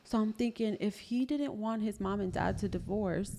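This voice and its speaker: A woman's voice: medium pitch, moderate pace. Chatty mother retelling family moments. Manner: animated retelling with quoted dialogue. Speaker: podcast co-host, mother. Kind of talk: casual chat, storytelling.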